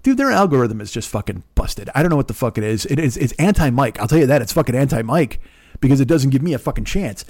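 A man in his fifties talks alone into his podcast mic, smooth-voiced and loose. He swears constantly and wanders from tangent to tangent with sarcastic, animated asides. His pitch sits right in the middle. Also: fast talker. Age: 50s. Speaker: podcast host. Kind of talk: casual rambling monologue.

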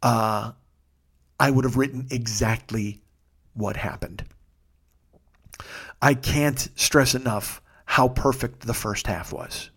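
A man hosting a podcast, telling a long, profane, excitable story in a casual monologue. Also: medium pitch, slow pace, gravelly, pauses often, husky. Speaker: podcast host.

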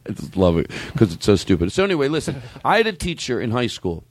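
A man's voice: medium pitch, a little fast. A man hosting a casual comedy podcast, joking and laughing with his guest. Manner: animated, laughing, jokey. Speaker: podcast host.

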